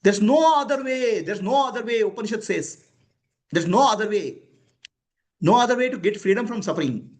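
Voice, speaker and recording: A man's voice: high voice, animated, fairly quick. A man giving a spiritual discourse to students, emphatic and questioning, chuckling often. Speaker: spiritual teacher.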